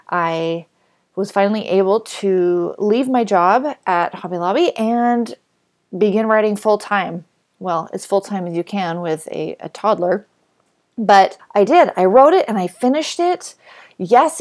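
A woman's voice: mid-range voice, darkish tone. Emotional, grateful woman podcaster. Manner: emotional, grateful, with hesitant restarts. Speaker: podcast host and author. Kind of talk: heartfelt personal monologue.

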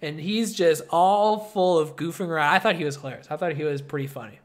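Animated man chatting about a film. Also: on the high side, fast talker. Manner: animated, laughs often, acts out scenes. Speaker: podcast co-host. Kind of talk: casual film review chat.

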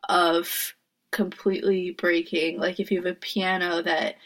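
A woman co-hosting a casual podcast chat, earnest and soft-spoken. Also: lowish voice, level tone, unhurried. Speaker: podcast co-host.

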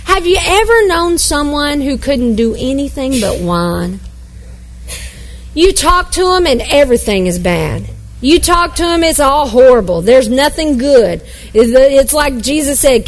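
A woman's voice: high-pitched, lively intonation, measured pace, low-quality recording. A woman pastor preaching a sermon at a church service, emphatic and playful, sometimes acting out grumbling voices.

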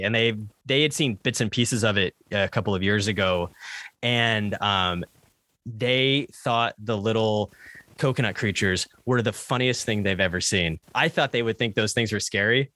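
A man's voice: lowish voice, moderate pace, sharp tone, dry recording. A man hosting a podcast in casual chat, laughing often and restarting his sentences. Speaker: podcast host. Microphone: remote call over the internet.

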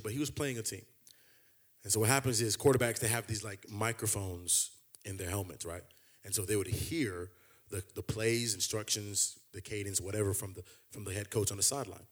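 Husky-voiced man preaching with rising passion. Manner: impassioned, builds to loud high emphatic climaxes; conversational, repeats and restarts phrases. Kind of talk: sermon.

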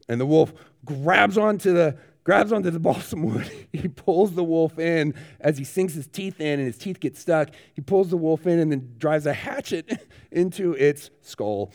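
A man preaching a sermon, telling vivid stories with growing animation. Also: on the high side. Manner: animated storyteller, rising excitement, laughs. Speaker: pastor. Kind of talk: sermon storytelling.

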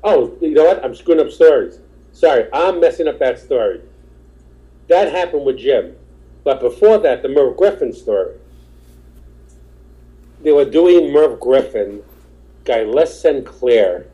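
A man's voice: medium pitch, expressive, a little slow, pauses often, warm tone, lo-fi sound. A male stand-up comedian, a podcast guest, telling rambling anecdotes in casual chat and acting out the voices of the people in them. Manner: rambling, acts out quoted voices.

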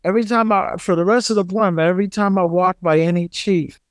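A man's voice: high voice, quick pace, clean tone, no echo, studio quality. A man in his thirties co-hosting a podcast, telling stories animatedly with profanity and laughter. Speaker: podcast co-host. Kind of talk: casual storytelling.

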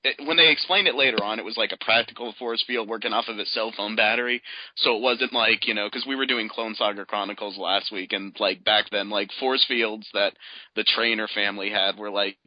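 A man co-hosting a podcast, talking fast and animatedly about comic books and acting out characters' lines. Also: on the low side, no echo, highs cut off. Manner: animated, fast, quotes characters in put-on voices. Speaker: podcast co-host. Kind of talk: casual comic book discussion.

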